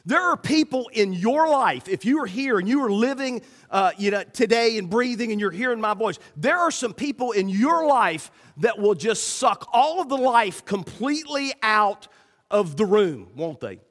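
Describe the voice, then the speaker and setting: A man preaches to his congregation in a high, lively voice that swoops up and down. He slips into the voices of people in his stories as he goes. The sound carries a long reverb from a large hall. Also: moderate pace. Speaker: pastor. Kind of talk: sermon.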